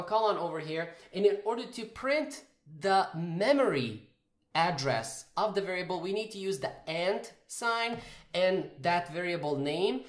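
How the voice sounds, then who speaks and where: A man giving a casual coding tutorial, thinking aloud and correcting himself as he types. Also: sits high. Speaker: programming tutor. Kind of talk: screen-recorded coding tutorial. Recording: roomy echoey room.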